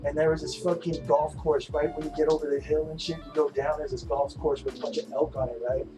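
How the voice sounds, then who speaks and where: A middle-aged man rambles through a casual livestream, dropping "man" and "dude" into every sentence and swearing freely. His voice sits a little higher than most men's. Music plays clearly underneath him the whole time. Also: level tone, fairly quick, low-quality recording. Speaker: livestream host. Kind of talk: casual chat while painting on a livestream. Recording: music playing behind the voice.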